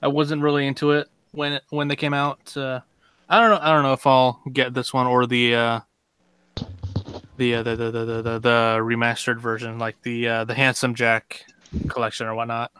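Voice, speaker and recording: Bright-voiced excitable podcast man. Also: medium pitch, moderate pace, smooth, dry recording. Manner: excitable, laughs often. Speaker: podcast co-host. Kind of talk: casual chat.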